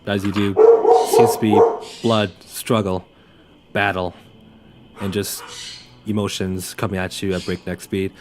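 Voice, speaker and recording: A man's voice: low-pitched, little pitch movement, unhurried, a little hiss or hum. A young man running a tabletop game as game master, narrating loosely with many fillers and restarts.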